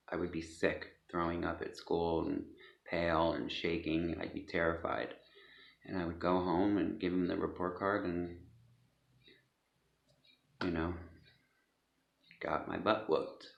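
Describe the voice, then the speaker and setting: Man, personal testimony, hesitant with fillers, very low voice, gravelly, echoey room, dull lo-fi sound. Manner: hesitant, many pauses and fillers. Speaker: speaker sharing a personal story.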